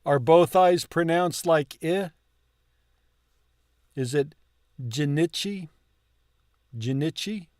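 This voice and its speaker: A man learning a language, chatting casually and slowly repeating words as he asks how to pronounce them. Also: a little high, darkish tone, smooth, no room sound, studio quality. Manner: slow, questioning, repeats words to test pronunciation. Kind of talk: casual chat about pronunciation.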